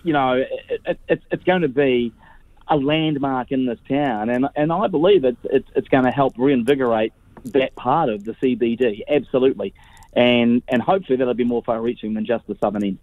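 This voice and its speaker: A man's voice: mid-range voice, normal speed, dry recording. Earnest New man on a phone line. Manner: earnest, many fillers and repeated words. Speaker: guest on phone. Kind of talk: radio interview.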